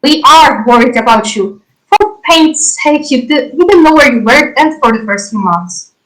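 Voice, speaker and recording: A woman's voice: high-pitched, lively intonation, normal speed, a bit bright, pitched above the performer's own voice, low-quality recording. A woman voicing a nervous, angry man who scolds and accuses in a raised, exasperated tone.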